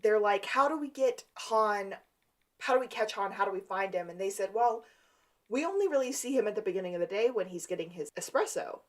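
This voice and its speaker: A woman co-hosting a rewatch podcast, walking through the plot in a relaxed, conversational way. She retells scenes by quoting the characters' lines as she goes. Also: medium pitch, fairly quick. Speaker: podcast co-host. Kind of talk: casual recap chat.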